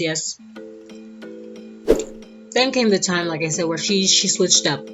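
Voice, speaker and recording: Sassy low-voiced woman telling a story. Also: measured pace, long pauses. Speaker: vlogger. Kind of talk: casual storytime monologue. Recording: dull lo-fi audio with guitar music.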